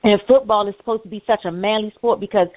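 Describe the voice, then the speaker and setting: A woman's voice: medium pitch, fairly even intonation, fast, no room sound. A woman co-hosting a podcast, speaking earnestly and emphatically in casual chat. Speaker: podcast co-host. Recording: dry, thin phone-like sound.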